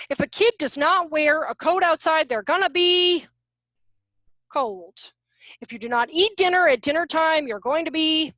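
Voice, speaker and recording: Woman with a high voice doing a zoom workshop, chatty, acts out parents and kids, dry close sound. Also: sharp tone, no room sound. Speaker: workshop presenter on parenting and teaching. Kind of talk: casual online workshop talk. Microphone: video call.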